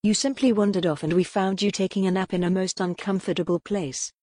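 A woman voicing a calm young man who speaks in a soothing, reassuring way in an audiobook. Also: medium pitch, fairly quick, no echo, lightly acted.

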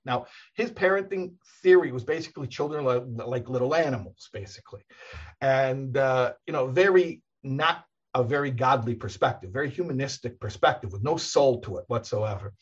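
A man's voice: medium pitch, lively intonation, normal speed, breathy edge, dull audio. A man, a rabbi, talking casually in a conversation, telling stories in a rambling way with many restarts and laughs.

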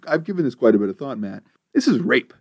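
A man co-hosting a podcast, giving dry, deadpan recaps with timestamps. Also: mid-range voice, quick pace, creaky, breathy edge, dry recording. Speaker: podcast co-host. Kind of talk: casual podcast commentary.

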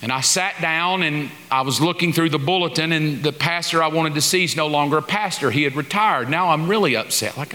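Bright-voiced preacher in a hall. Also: male voice, a little high, a little fast, hardly any pauses. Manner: animated, acts out dialogue and prayers. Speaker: pastor. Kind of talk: sermon storytelling. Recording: long hall reverb.

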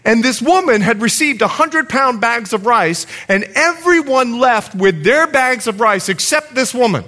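A man's voice: extremely high pitch, measured pace. A middle-aged man preaching a sermon as pastor, telling stories with acted-out quotes. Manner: storytelling with lively acted quotes.

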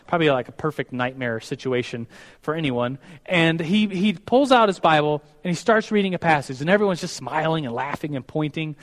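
A man's voice: fairly high pitch, big-room sound. A man telling a story to a class and leading a prayer, earnest, with many restarts.

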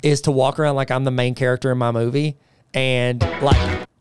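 A man's voice: mid-range voice, flat delivery, normal speed, smooth, no echo, soft background music. A man co-hosting a comedy podcast, telling rambling joking anecdotes in casual chat. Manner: jokey storyteller, rambling anecdotes. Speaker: podcast co-host.

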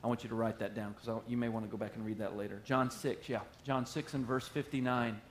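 A man's voice: mid-range voice, steady tone, fast, slight background noise. A male pastor preaching a sermon in a conversational, joking way. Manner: conversational and joking, acting out quotes.

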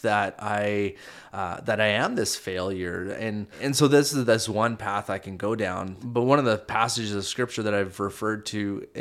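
A man's voice: fairly low pitch, a bit bright. A middle-aged man co-hosting a podcast, telling a personal story in a casual, earnest, self-reflective way with frequent restarts. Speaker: podcast co-host. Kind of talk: casual faith-based marriage chat.

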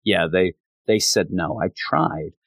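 Guy doing a tired, sorry leader type, low and quiet. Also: sing-song, slow pace, vocal fry, no echo, studio quality, full character voice. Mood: subdued.

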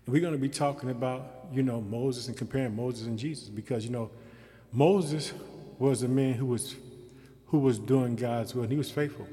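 A man's voice: mid-range voice, normal speed. Fervent preacher man in a reverberant space. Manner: fervent, rising to shouted pleas; speaks in short repeated phrases. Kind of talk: sermon.

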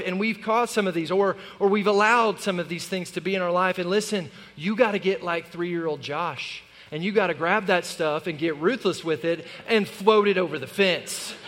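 Impassioned pastor preaching in a reverberant hall. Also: male voice, sits high. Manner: impassioned, rising to shouts in exhortation, then softer storytelling. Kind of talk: sermon. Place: church sanctuary.

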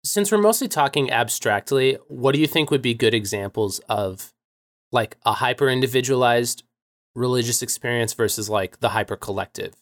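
A man's voice: medium pitch, lively intonation, moderate pace. Easygoing man asking questions. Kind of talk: casual conversation.

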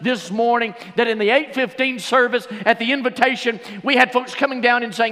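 A man preaching a sermon as pastor, swinging between shouted fervor and hushed, intimate stretches. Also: very high voice, brisk, few pauses. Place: church sanctuary. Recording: long church reverb.

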